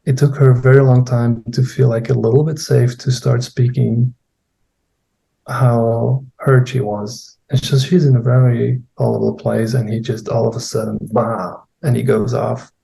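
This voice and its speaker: A middle-aged man with a gravelly, dark and mellow voice tells how a therapy session went. He searches for words as he goes and plays out the lines spoken in the session. He is a guest trainer in a conversation. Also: medium pitch, flat delivery. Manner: unhurried, searching for words, acting out his own and a client's lines. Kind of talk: recounting a therapy case in conversation.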